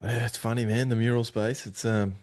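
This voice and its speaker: A man's voice: mid-range voice, level tone, brisk, darkish tone. A middle-aged Australian man hosting a podcast in casual chat, blunt and swearing freely. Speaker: podcast host.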